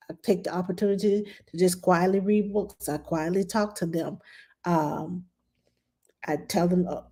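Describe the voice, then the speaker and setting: Mellow-voiced nanny on a live stream. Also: female voice, medium pitch. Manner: chatty, loose, reads viewer questions aloud and greets viewers brightly. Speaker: nanny giving parenting advice.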